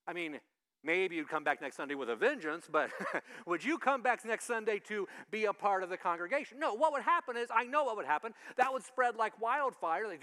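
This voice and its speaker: A male pastor giving a conversational sermon, lively and acting out the voices he quotes. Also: high-pitched, fairly quick. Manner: animated, acts out quoted voices.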